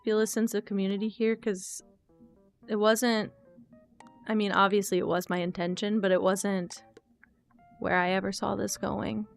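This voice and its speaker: A woman's voice: medium pitch, flat delivery, moderate pace, creaky, long pauses. A young woman streaming a game, chatting in a candid, rambling way, thinking aloud and answering chat. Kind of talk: casual live-stream chat while gaming. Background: faint guitar music.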